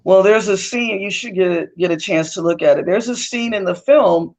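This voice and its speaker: A woman's voice: mid-range voice, moderate pace. A woman, a guest author, talking in an interview and telling stories expressively, slipping into other people's voices. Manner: expressive, acts out quoted voices, laughs often. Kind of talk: animated storytelling in conversation.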